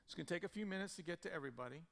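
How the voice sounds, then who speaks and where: A male pastor preaching a sermon, swinging between loud emphatic peaks and soft conversational storytelling. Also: high voice, rapid-fire, creaky. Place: church sanctuary. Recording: church hall reverb with soft guitar.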